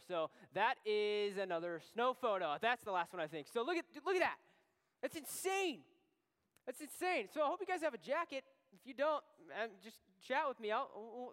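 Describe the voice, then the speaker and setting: Man, youth pastor, high smooth voice, animated story, many restarts, long hall reverb. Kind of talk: youth group talk. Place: church hall.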